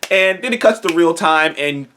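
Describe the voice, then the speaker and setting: Excited rambling male reviewer, bright voice. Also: fairly high pitch, normal speed, a little hiss or hum. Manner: rambling and excited, with frequent restarts and self-corrections. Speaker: TV episode reviewer. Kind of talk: casual spoken video review.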